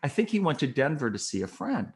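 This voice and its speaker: A man's voice: medium pitch, big pitch swings, fast talker, voice pushed up, close to an everyday voice. A man voicing a polite, helpful middle-aged stepmother speaking on the phone.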